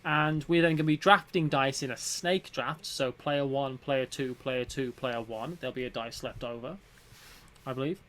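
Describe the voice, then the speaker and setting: A man's voice: mid-range voice, moderate pace, fairly bright tone. A man co-hosting a livestreamed board game demo, joking around and thinking aloud while he explains the rules. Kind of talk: casual livestream chat.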